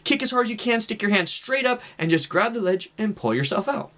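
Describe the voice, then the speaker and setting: A man voicing a calm angelic voice that coaches a drowning boy with steady, repeated instructions. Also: sits high, a little fast, voice pushed up. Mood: coaching.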